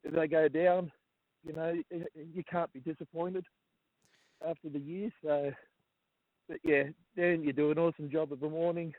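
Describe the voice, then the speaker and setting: Emotional Australian caller on a phone line. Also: male voice, fairly high pitch, steady tone, no echo. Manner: emotional, halting, repeats himself. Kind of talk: phone-in chat. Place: outdoors walking a dog.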